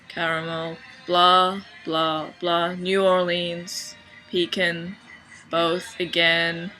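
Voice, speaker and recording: Deadpan young Australian woman, bright tone. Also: fairly low pitch, poor audio. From Sydney, Australia. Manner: deadpan, dry humor. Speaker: vlogger. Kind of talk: casual accent-challenge video.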